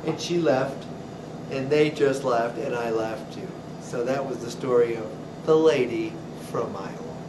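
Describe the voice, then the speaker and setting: A man who owns a deli, telling funny stories about his customers in an animated way. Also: mid-range voice, measured pace, distant mic. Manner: animated storyteller acting out customers. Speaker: deli owner. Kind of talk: storytelling. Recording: roomy echo with clear noise.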